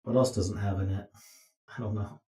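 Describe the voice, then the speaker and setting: A man's voice: lowish voice, fairly even intonation, normal speed, dark tone. A tired man streaming himself as he thinks aloud through a puzzle, muttering to himself with dry asides. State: tired, yawning. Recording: roomy echo.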